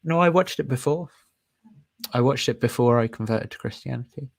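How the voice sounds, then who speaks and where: A man's voice: medium pitch, a little fast, gravelly, dry recording. Casual rambling male livestream host. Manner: rambling, laughing at himself, thinking aloud.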